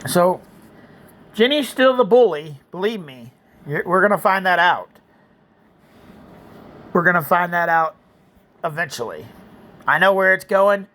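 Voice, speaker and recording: A man reading a second-person story to viewers in an earnest, gentle way, with chatty asides. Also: high voice, lively intonation, a little slow, long pauses. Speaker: storyteller and channel host.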